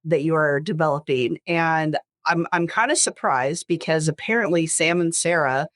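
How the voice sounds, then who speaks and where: A woman's voice: deep voice, normal speed, a bit bright, dry recording, clean studio sound. A woman hosting a casual podcast, rambling with self-corrections and jokes. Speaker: podcast host, estate lawyer.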